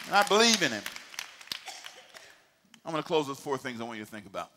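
A middle-aged male pastor preaching a sermon, with emphatic call-and-response delivery that swings from quiet asides to shouting. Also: mid-range voice, sing-song, fast talker, pauses often, in a large hall, some chatter behind. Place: church sanctuary.

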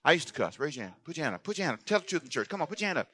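Lively preaching man, bright and dry. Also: on the high side, rapid-fire, dry recording. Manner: preachy, playful, calls to the congregation. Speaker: pastor. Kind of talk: sermon.

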